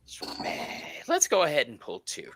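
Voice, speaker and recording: A man hosting a casual tarot reading chat, chatty and quick to laugh. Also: medium pitch, sing-song, pushed and bright. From United States. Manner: chatty and giggly, laughs often. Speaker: tarot reader host.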